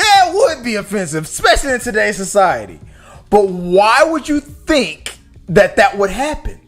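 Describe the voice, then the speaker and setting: Emphatic man hosting a movie livestream. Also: high voice. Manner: emphatic, asks rhetorical questions. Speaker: podcast co-host. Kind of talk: casual live-stream movie talk.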